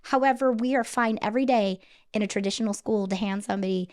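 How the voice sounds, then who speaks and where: A woman's voice: medium pitch, fast, darkish tone. A middle-aged woman, a school headmaster, explaining her teaching approach earnestly in a podcast interview. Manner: earnest, explanatory, repeats words when restarting.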